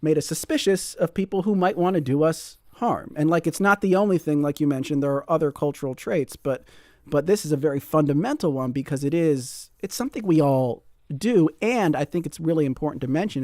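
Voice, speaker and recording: A man hosts a public radio call-in program with a voice a touch higher than most men. The sound is dry and close, with no room around it. He reads listener notes and asks his guest probing questions. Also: a little mellow, dry recording. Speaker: radio show host.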